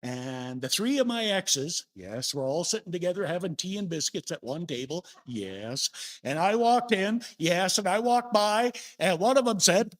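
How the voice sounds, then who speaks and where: A man's voice: sits high, big pitch swings, normal speed. Older man giving a folksy sermon. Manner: folksy storytelling, asks the congregation questions. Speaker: minister. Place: church sanctuary.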